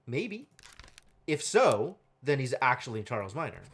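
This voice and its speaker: Lively man muttering through a puzzle game. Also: medium pitch, measured pace, husky. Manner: thinking aloud, muttering and counting to himself. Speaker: game streamer. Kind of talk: live gameplay commentary.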